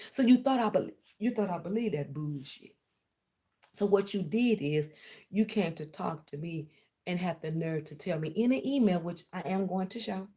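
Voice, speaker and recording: A vlogger with a low, dark-toned voice rants on her vlog in a confrontational callout. She sarcastically accuses someone of spying on her.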